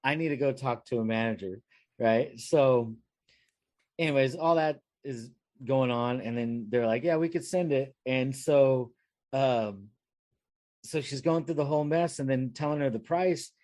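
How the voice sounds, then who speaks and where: A man's voice: mid-range voice, unhurried, darkish tone, no room sound. A man co-hosting a podcast, telling a long work story in rambling casual chat with many fillers and restarts. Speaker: podcast co-host.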